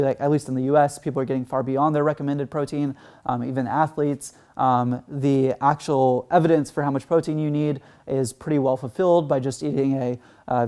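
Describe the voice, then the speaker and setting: A man's voice: mid-range voice, dark tone. A man from Texas giving an earnest conference talk, full of "um" and "like" fillers. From Texas, United States. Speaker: conference speaker.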